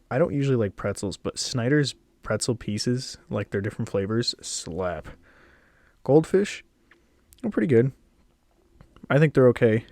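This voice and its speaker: Casual young male creator, low-pitched, chatty and a bit breathless, dry close recording. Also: a little mellow, no echo. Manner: chatty, rambling, with small laughs. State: a little out of breath. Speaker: video creator ranking snacks. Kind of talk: casual tier-list commentary. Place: at home, sitting.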